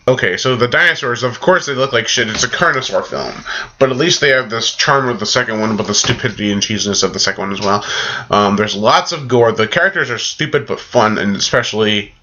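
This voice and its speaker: A man's voice: mid-range voice, sharp tone. A man casually reviewing a movie, rambling in a loose, jokey way. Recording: dull lo-fi recording.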